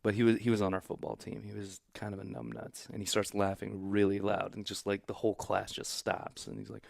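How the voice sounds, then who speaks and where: Low-key gravelly man telling stories. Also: flat delivery, fairly quick, a little mellow, no echo, studio quality. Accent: St. Louis. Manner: laid-back, rambling storyteller, many fillers. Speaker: comedian guest. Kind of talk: casual podcast chat.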